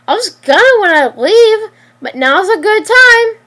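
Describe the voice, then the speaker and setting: A woman reading a story aloud and voicing a cocky young male virus, cold and defiant, with a flat, matter-of-fact delivery and small stumbles. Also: very high-pitched, measured pace, pitched above the performer's own voice, full character voice. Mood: scornful.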